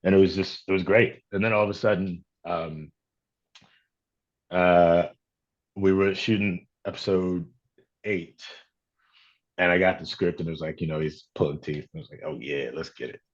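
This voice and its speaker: A man from Chicago, an actor being interviewed, talking reflectively and telling stories in a relaxed way. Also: deep voice, normal speed, pauses often, dull audio. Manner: reflective, storytelling with quoted voices. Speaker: actor guest. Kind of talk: casual interview talk.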